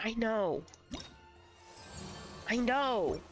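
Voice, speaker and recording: A woman's voice: medium pitch, very animated, moderate pace, fairly bright tone, soft background music. A woman who is sick and coughing, streaming a game with blunt, swearing commentary. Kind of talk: casual live game commentary.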